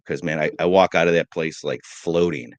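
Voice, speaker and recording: A middle-aged man co-hosting a morning show, telling rambling, joking stories in a relaxed chat. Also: extremely low pitch, moderate pace, no room sound. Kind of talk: casual chat.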